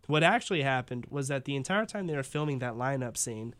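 A man talking casually as a host, rambling along with plenty of "like" and "um" and laughing easily. His voice is smooth and resonant, pitched in an ordinary middle range. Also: lively intonation, normal speed, fairly bright tone. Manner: rambling, many fillers, laughs often. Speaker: podcast host. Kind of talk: casual chat.

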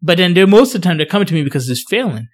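Man, dentist podcast host, slightly high voice, halting, explanatory, casual chat. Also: big pitch swings, slightly rough. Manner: explanatory, halting with many fillers and restarts.

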